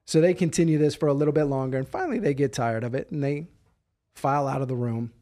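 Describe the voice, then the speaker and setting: A middle-aged man, a podcast guest, telling a story in a casual, animated way and acting out the dialogue. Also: mid-range voice, fast talker.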